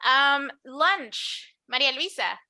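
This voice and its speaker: A woman's voice: high-pitched, lively intonation, slow, pushed and bright, dry recording. A woman teaching an English class, explaining patiently and switching to Spanish to clarify. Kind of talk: online English lesson.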